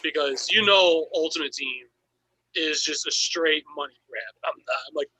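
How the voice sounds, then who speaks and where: A man's voice: on the high side, normal speed, bright, forceful tone, poor audio. A man in a casual chat, rambling through his opinions.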